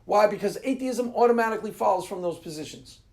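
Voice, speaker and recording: Host in a casual monologue: a man who talks emphatically, gets animated, and laughs easily. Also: high-pitched, fast talker. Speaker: Christian apologetics channel host.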